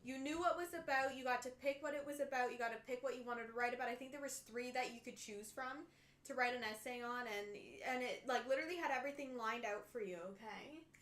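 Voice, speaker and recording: High-pitched woman, bright tone, animated storyteller, roomy echo. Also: fast talker. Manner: animated storytelling, acts out quotes. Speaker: stream co-host. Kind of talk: casual chat while model building.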